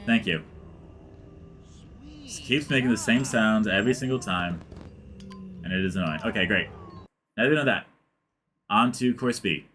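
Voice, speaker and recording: A man's voice: fairly low pitch, moderate pace, pauses often, fairly bright tone, a little hiss or hum. A man giving casual gameplay commentary as a let's play gamer, rambling with many fillers and dropping into mutters. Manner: rambling, heavy use of like, dips into mutters.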